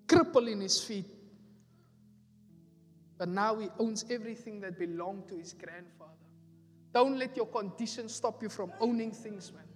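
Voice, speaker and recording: A man's voice: extremely high pitch, a little slow, long pauses. Male pastor, emphatic repetitive sermon delivery, reverberant church hall. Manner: emphatic preaching, repeating phrases for effect. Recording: echoey hall with faint music.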